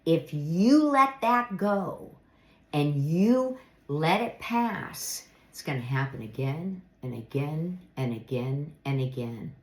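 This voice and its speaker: A middle-aged woman talks through life advice at a slow, deliberate pace. Her voice sits low, and she sounds earnest and reflective as she sometimes acts out little example phrases. The recording has a noticeable room echo. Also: expressive, darkish tone. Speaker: speaker giving life advice. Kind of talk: reflective motivational monologue. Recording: echoey room.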